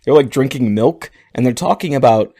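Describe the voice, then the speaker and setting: A man co-hosting a podcast, telling a story in a relaxed, casual way. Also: medium pitch, moderate pace, breathy edge, no echo, clean studio sound. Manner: relaxed storytelling, laughing often. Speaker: podcast co-host.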